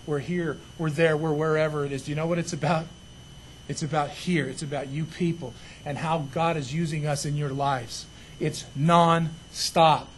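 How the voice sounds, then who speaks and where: High-voiced, chatty male preacher. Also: slight background noise, low-quality recording. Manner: conversational and animated, with asides and humor. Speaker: pastor. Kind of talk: sermon.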